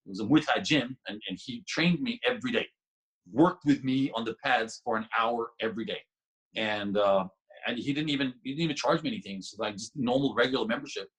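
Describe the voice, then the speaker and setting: A man's voice: mid-range voice, a little fast, husky, poor audio. A man guest on a podcast, telling a story casually with lots of restarts and laughter. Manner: animated, laughing, many restarts.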